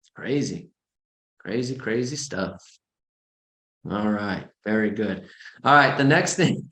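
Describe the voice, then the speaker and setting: A man giving an informal training talk as a real estate coach, blunt and animated, with sarcastic asides. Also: lowish voice, normal speed. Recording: roomy echo.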